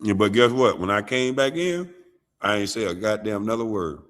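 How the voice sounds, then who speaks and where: A man hosting a show, talking in casual, animated and profane commentary. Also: lowish voice, a little fast. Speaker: show host.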